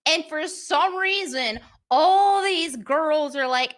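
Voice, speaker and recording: A high, bright-voiced woman hosting a live commentary show. She talks at an unhurried pace and comes across blunt and sarcastic while reacting to what she reads. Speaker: livestream show host.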